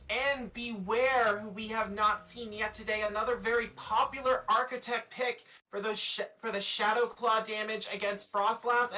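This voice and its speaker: Bright excited Eastern Canadian caster. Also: male voice, high-pitched. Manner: energetic, excitable calls. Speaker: esports commentator. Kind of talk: live play-by-play commentary. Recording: music bed, distant from mic.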